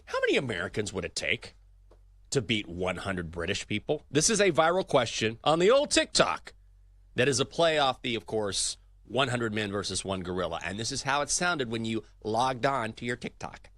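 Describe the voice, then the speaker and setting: A man's voice: medium pitch, sing-song, moderate pace, fairly bright tone, dry recording. A man hosting a sports betting talk show, swinging between hype and dry asides as he reads scores and odds.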